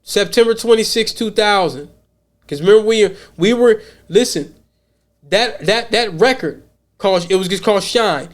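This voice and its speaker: A man's voice: high-pitched, moderate pace. An American man hosting a podcast, talking casually in a blunt, profane way, often repeating words as he thinks. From United States. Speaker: podcast host.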